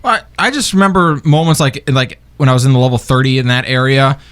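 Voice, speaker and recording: Fast-talking guy on a gaming show, rambly, lots of likes. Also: medium pitch, a bit bright, smooth. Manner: joking, rambling with many "like"s. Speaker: co-host. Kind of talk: casual podcast talk.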